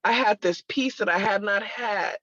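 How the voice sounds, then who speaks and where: A woman's voice: mid-range voice, moderate pace, fairly bright tone, no echo. A woman sharing a personal testimony in conversation, telling it emphatically with religious exclamations. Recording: dull lo-fi, dry sound.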